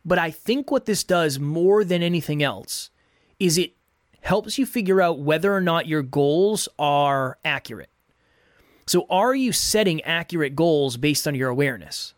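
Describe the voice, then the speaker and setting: A man's voice: fairly high pitch, expressive, unhurried, dry recording, studio quality. A man hosting a podcast, giving earnest, repetitive motivational coaching advice in a solo talk.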